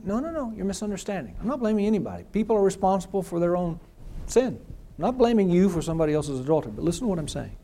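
A man's voice: high-pitched, very animated, very fast, dark tone. A male pastor preaching a sermon, telling a personal story in an emphatic, conversational way.

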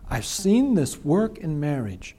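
A man's voice: fairly high pitch, big pitch swings, slow, dark tone, husky. A male pastor preaching a sermon, telling a personal story in an emphatic, conversational way.

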